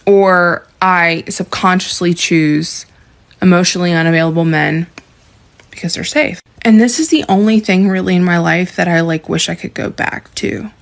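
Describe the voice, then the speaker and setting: A woman's voice: lowish voice, moderate pace, vocal fry. A woman in her thirties talking candidly and emotionally in a confessional vlog. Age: 30s.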